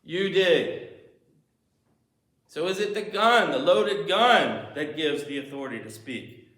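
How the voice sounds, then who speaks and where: A man's voice: fairly high pitch, lively intonation, takes it slowly, sharp tone. A male pastor preaching a sermon in a church, telling stories and acting out movie scenes as he goes. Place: church sanctuary. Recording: echoey church room.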